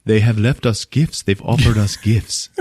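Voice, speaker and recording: A man's voice: lowish voice, fairly even intonation, moderate pace, a little mellow, no echo, close to an everyday voice. A man voicing a solemn, charismatic man worshipped like a messiah, in a grave, formal delivery.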